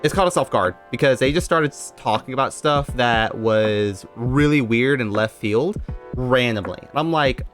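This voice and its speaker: A young man chats casually on a live stream, rambling and addressing his viewers directly. His voice sits at an ordinary mid pitch. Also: normal speed, a bit bright, soft background music. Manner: rambling, talks straight to chat.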